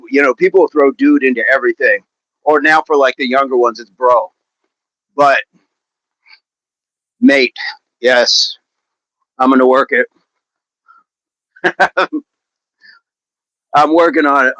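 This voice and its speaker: A man's voice: mid-range voice, fairly bright tone, no echo, rough recording. A man leading an outdoor workout livestream, joking with viewers and laughing often in casual chat. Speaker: fitness coach leading a live workout.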